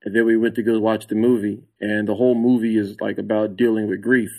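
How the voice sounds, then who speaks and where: A man's voice: on the low side, fast talker, poor audio. A man, a comedian guest on a podcast, telling a story casually with lots of swearing and laughter. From San Antonio, Texas. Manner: animated, acts out his own reactions in a raised voice; profane, laughs often.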